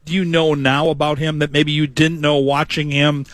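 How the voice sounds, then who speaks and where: Higher-voiced reporter, a man, dry sound. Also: level tone, normal speed, fairly bright tone, no room sound. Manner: direct, to-the-point questions. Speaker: sports reporter. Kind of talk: interview questions.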